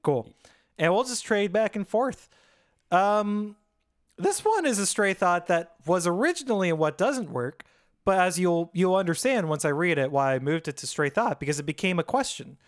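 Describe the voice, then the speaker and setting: A man's voice: high voice, moderate pace, dry recording, clean studio sound. A man co-hosting a movie podcast, chatting casually and rambling with frequent restarts. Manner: animated, rambling with many restarts. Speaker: podcast co-host.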